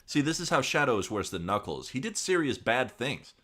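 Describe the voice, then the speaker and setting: A man co-hosting a comedy show, giving a deadpan dramatic reading with lively swings. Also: medium pitch, brisk. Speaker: comedy podcast co-host reading fan fiction aloud.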